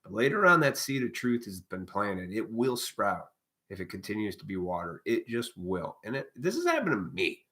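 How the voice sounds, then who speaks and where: A man's voice: lowish voice, big pitch swings, moderate pace, bright, forceful tone. A man hosting a live stream, delivering a blunt, profane, preachy monologue in a casual way.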